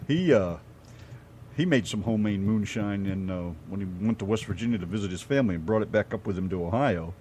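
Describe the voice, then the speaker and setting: A man's voice: on the low side, brisk, darkish tone, slight background noise. A middle-aged American man co-hosting a radio show, telling rambling stories and swearing casually. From United States.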